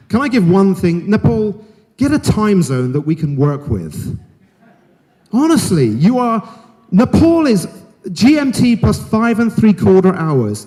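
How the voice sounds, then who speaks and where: A middle-aged man delivers a conference keynote with a frank, jokey edge, his voice sitting high and swinging widely as he makes his points. The sound carries a long reverb from a large hall. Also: dark tone. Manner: frank, jokey and emphatic, talks straight to the audience. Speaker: keynote speaker.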